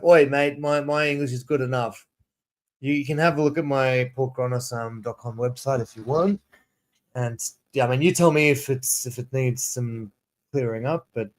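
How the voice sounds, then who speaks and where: A man in his thirties, an English teacher chatting casually on a livestream, rambling and restarting sentences as he reads prompts aloud. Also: mid-range voice. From South Africa. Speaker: ESL teacher and streamer.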